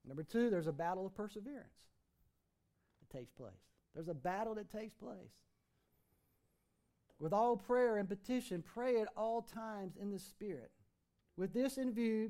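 A male pastor with a high voice preaches in a church. He recites scripture and builds with rising emphasis, then drops low and quiet to make a point. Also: moderate pace. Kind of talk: sermon.

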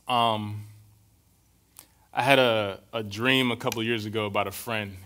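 A young adult man preaching a relaxed, conversational sermon, telling stories and often checking in with his listeners. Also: on the low side, moderate pace. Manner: casual, storytelling, keeps checking in with "right?".

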